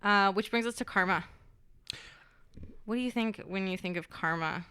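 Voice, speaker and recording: Bright, clear woman co-hosting a podcast. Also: mid-range voice, normal speed. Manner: rambling, many fillers like "you know". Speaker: podcast co-host. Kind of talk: casual podcast chat.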